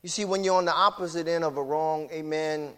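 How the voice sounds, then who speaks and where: A man preaching a sermon, swinging between shouted whooping and low, hushed talk. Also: steady tone, a little fast, smooth.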